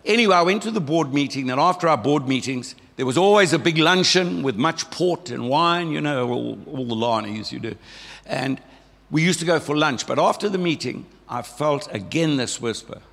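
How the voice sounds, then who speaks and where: An older South African man gives a conversational church testimony, telling folksy stories and acting out voices he remembers. His fairly high voice is lively, moderately paced, gravelly, a bit bright and throaty, as if he has a frog in his throat. Long hall reverb surrounds him.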